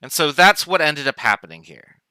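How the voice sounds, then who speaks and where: Bright, crisp-voiced male chemistry professor. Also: a little high, fairly quick, no echo, poor audio. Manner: relaxed, informal explaining with asides. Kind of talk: casual online lecture.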